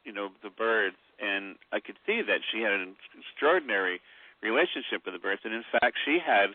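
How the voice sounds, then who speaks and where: A man with a low voice tells rambling stories full of fillers as a guest on a radio interview. His voice comes over a tinny phone line, dry and close. He speaks in an easy, unhurried way. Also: animated, no room sound. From Mi'kmaq heritage. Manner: rambling storyteller, many fillers. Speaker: author guest.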